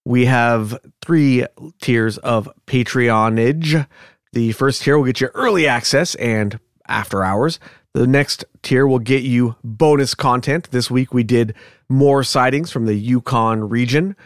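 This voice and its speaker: This podcast co-host reads the show's announcements, then chats loosely with his partner in a casual podcast conversation. His voice is mid-range and his pace measured, captured in a dry, clean studio recording.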